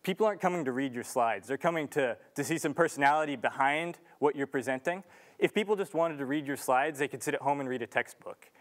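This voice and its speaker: Talking quickly at a medium pitch, this young man addresses a crowd in a big lecture hall as a student speaker. His delivery is sincere yet relaxed, peppered with ums and false starts.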